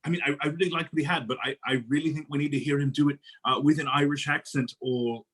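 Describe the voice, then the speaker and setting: A man's voice: a little high, steady tone, fast, fairly bright tone, husky, rough recording. A man in an improv comedy scene playing a hesitant, politely fussy male casting director. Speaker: improv performer.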